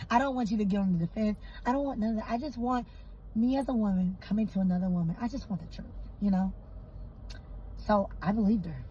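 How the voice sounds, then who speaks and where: A woman telling a personal story in a casual storytime, emphatic and animated, repeating phrases for effect. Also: fairly high pitch, dull audio, slight background noise.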